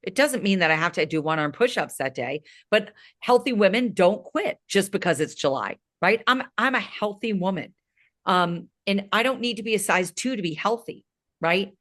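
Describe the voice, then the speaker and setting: Late-50s woman, fitness coach, energetic motivational pep talk, emphatic. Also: mid-range voice, moderate pace. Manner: energetic, emphatic, frequent "right?" tags.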